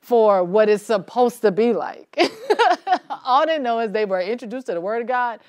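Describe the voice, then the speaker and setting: A woman's voice: fairly high pitch, moderate pace, darkish tone. Chatty woman leading a Bible study. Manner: conversational, asks the group questions, laughs easily. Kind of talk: teaching a church Bible study discussion.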